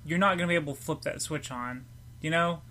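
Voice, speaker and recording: Bright-voiced man hosting a casual podcast. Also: fairly high pitch, fast talker. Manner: laughs often, leads the discussion with questions. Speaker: podcast host.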